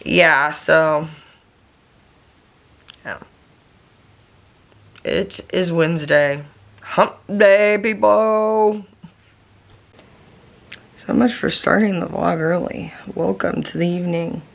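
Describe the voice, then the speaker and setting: A woman chatting to her camera from her living room while a migraine wears her down. Her voice sits low and has a gravelly fry, and she rambles along with lots of fillers. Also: steady tone, slow, long pauses, fairly bright tone. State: tired, with a migraine. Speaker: vlogger. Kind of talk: casual daily vlog chat.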